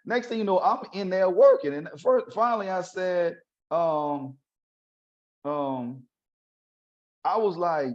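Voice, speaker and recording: A man from New hosts a podcast and tells stories in a casual, animated voice that sits a bit high for a man. He speaks straight to his listeners and chuckles now and then. The recording sounds dull and lo-fi. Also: a little slow. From New Orleans, USA. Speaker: podcast host. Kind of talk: casual storytelling monologue. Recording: dull lo-fi audio.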